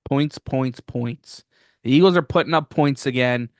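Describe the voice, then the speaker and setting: An excitable young man co-hosting a casual sports podcast, talking in a mid-range voice. He piles on hype in quick fan banter. The recording is close and dry. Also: mid-range voice, no room sound. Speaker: podcast co-host. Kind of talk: casual sports betting chat.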